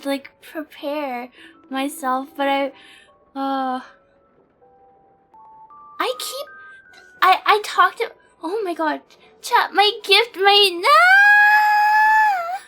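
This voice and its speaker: Very high, bright-voiced nervous woman streamer. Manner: nervous, giggly, stammering. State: shaky and near tears. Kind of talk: live stream chat with viewers.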